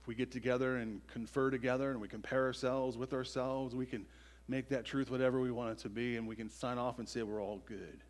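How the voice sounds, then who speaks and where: A man preaching a sermon as pastor, emphatic, tossing in "right?" asides and swinging from loud declarations to near-quiet. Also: medium pitch, level tone, fairly quick.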